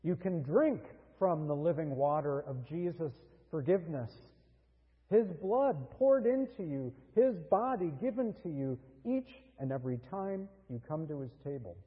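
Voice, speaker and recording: A man preaching a sermon as pastor, earnest and deliberate, with dramatic pauses. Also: on the high side, lively intonation, breathy edge, in a large hall, phone-quality sound.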